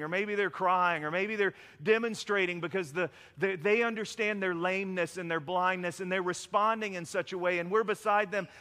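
High, bright-voiced pastor preaching in a hall. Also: male voice. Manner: conversational, animated storytelling with frequent "right?" asides. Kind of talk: sermon. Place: church sanctuary. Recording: long reverb of a large hall.

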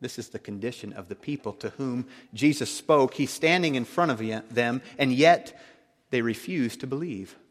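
A man preaching a sermon, emphatic, swinging between loud declarations and hushed tones. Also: mid-range voice, moderate pace, big-room sound.

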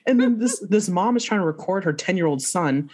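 Animated woman telling a story. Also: lowish voice, fairly quick. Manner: animated, laughs often, quotes herself. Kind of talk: casual chat.

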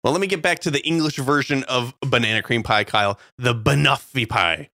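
A man's voice: medium pitch, animated, fast talker, pushed and bright, no echo, clean studio sound. A man co-hosting a casual, comedic food chat, reading out facts with playful jokey asides and frequent laughter. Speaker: podcast co-host.

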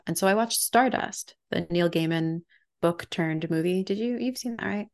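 A woman's voice: fairly low pitch, moderate pace. A young woman co-hosting a podcast, chatting casually in an upbeat way with frequent laughs. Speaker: podcast co-host. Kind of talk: casual chat.

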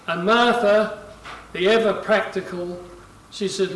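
A male pastor delivers a sermon in a high, bright voice, lifting it sharply when he acts out quoted lines. His voice carries through a roomy space and sounds set back from the microphone. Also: unhurried. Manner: preaching with dramatic quoted lines, rising loud for emphasis. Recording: roomy echo, voice from a distance.

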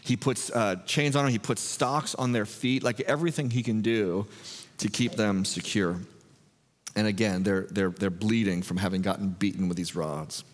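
A man preaching a sermon, retelling a story in a conversational, animated way with filler words. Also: lowish voice, normal speed, long reverb tail. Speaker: pastor. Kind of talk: expository sermon.

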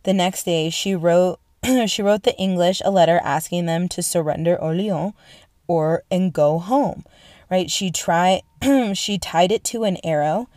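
Excitable, foul-mouthed young woman storyteller. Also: on the low side, a little slow, dry recording, studio quality. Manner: excitable, swears a lot, lots of "like" and "right?". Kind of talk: casual profane history retelling.

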